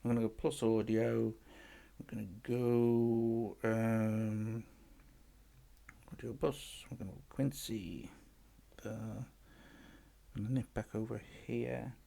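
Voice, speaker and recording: A man's voice: fairly low pitch, little pitch movement, takes it slowly, gravelly, long pauses, warm tone. A man hosting a casual music app demo, chatting and thinking aloud as he works, often restarting his phrases. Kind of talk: casual tutorial talk-through.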